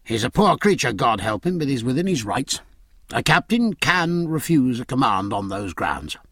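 Hearty sea captain, barking orders, read by a man, husky and lively. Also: mid-range voice, dry recording, studio quality. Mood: steady. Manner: commanding, brisk, loud when ordering.

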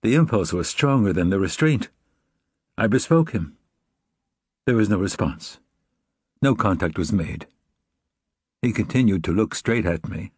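A man narrating a novel in a measured, reflective reading. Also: fairly low pitch, lively intonation, darkish tone, breathy edge, no room sound, studio quality. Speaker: audiobook narrator. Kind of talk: scripted narration.

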